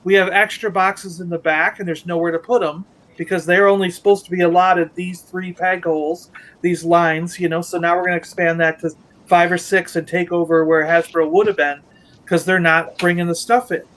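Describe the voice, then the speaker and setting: A man's voice: high voice, fairly bright tone, rough recording. A man co-hosting a casual toy-collecting livestream, telling a long story in a rambling way, restarting and acting out what others said. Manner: rambling, retells conversations with restarts. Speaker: Lego merchandising rep.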